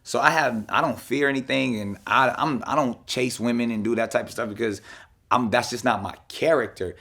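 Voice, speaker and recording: Husky man in casual talk. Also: medium pitch, fairly quick, fairly bright tone. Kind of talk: casual conversation.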